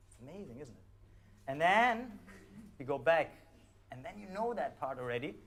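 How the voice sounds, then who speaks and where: A man with a German accent, calmly guiding a live audience through a performance score, with hesitant fillers. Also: a little high, slight background noise. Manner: calm, instructive, hesitant with fillers.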